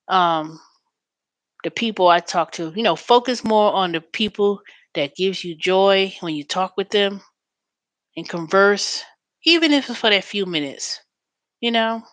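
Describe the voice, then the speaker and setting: Woman, host, casual chat, storytelling, animated impressions, medium pitch, dry close recording. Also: measured pace, dry recording. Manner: chatty and storytelling, animated when quoting callers.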